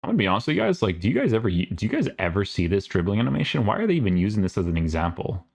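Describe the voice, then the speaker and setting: A man's voice: on the low side, very animated, racing, gravelly, a little mellow. A man reading game update notes aloud and reacting to them in a casual, sarcastic way. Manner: casual, sarcastic asides, many fillers. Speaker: gaming YouTuber.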